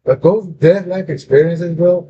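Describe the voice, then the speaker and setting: Slangy man telling a story, mellow voice. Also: on the high side, measured pace. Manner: profane, street slang, says "bro" constantly. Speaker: podcast host. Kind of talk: casual storytelling. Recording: dull lo-fi audio with faint noise.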